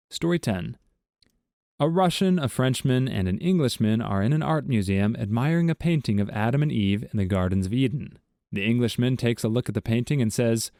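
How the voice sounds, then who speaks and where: A man reading short jokes aloud as scripted narration, with a steady storytelling delivery. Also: mid-range voice, fairly quick, no room sound, studio quality. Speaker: joke narrator.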